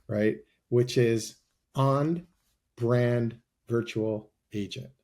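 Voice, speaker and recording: Guy on a podcast selling his ai product, warm mellow voice, pitchy and confident. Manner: persuasive sales-pitch delivery. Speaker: guest, AI company representative. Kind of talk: podcast interview.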